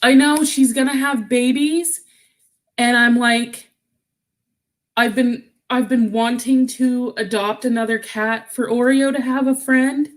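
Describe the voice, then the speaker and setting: Woman vlogger, slow unhurried talk, casual chat, answers viewer comments, emotional, near tears. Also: on the high side, steady tone.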